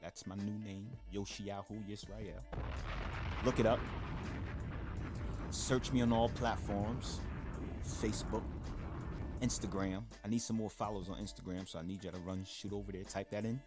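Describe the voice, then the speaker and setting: Podcast host, man with a lowish voice and Connecticut street slang, energetic shout-outs, music in the background. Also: normal speed, long pauses. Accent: Connecticut urban slang. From Stamford, Connecticut. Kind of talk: casual podcast monologue.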